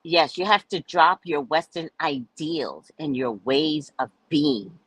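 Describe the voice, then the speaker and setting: A woman's voice: low-pitched, slow pace, fairly bright tone, slightly rough, no echo, low-quality recording. A woman from the United States hosting a casual livestream chat, telling stories in a loose, profane way and acting out the voices of the people she quotes. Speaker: livestream host.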